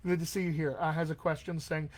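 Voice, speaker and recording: A man's voice: on the high side, little pitch movement, fast talker. A man working as a dialect coach, answering viewer questions on a live stream in an encouraging, conversational way with plenty of fillers. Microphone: webcam or desk mic on a live stream.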